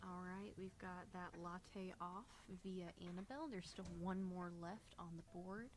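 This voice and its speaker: A soft-spoken young woman calls the action of a card game tournament on a live stream. Her voice stays quiet and low-key, and she keeps the banter relaxed and full of small laughs. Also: measured pace, noisy background. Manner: easygoing, giggly banter. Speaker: tournament commentator.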